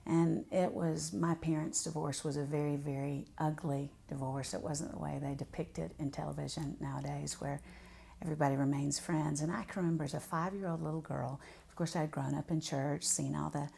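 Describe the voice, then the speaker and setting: Low, gravelly woman storyteller. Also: fairly even intonation, fairly quick. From Southern United States. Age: 40s. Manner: warm, vivid storyteller, draws words out for emphasis. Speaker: author and speaker. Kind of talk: personal storytelling talk.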